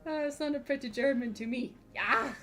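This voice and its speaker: A woman's voice: high voice, moderate pace, a bit bright, faint music behind. A woman from Sweden, streaming a game in casual chat, giggling often and answering comments from chat.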